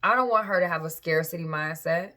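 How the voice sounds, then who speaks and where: A woman's voice: on the low side, a little fast, bright, forceful tone. A woman vlogger and parent talking casually to camera, candid and frank, often stopping to backtrack and restart.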